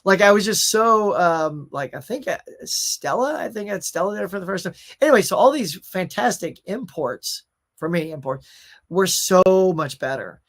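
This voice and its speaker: A man's voice: high voice, lively intonation, normal speed, a bit bright. A middle-aged man hosting a casual pop culture show, chatting and reading viewer comments in a rambling way with fillers.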